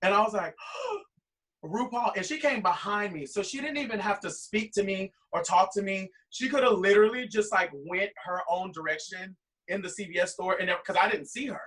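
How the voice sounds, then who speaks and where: A drag performer guest telling a long, rambling anecdote full of quoted dialogue. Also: male voice, high voice, fairly quick, sharp tone, distant mic, poor audio. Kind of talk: animated storytelling.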